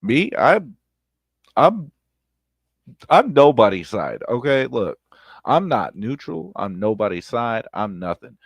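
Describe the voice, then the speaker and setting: A man streaming blunt, profane commentary on online drama, repeating himself and breaking into loud outbursts. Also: on the low side, big pitch swings, slow pace, long pauses, husky, dry recording. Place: home streaming setup. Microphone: close streaming mic.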